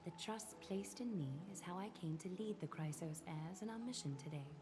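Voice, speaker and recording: A woman's voice: lowish voice, moderate pace, lightly acted. Aglaya, a woman voicing a posh British noblewoman. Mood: soothing. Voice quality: posh, proper, soft-spoken. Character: poised, refined noblewoman weaver, calm and soothing. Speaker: game character. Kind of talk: video game voice acting. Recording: game audio with music behind.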